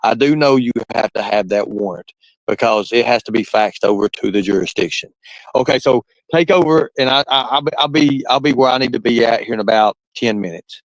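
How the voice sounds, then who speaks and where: A man's voice: medium pitch, a little fast, no room sound, rough recording. A man talking casually as a guest on a live stream, rambling and repeating himself as he works through his points. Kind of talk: casual talk.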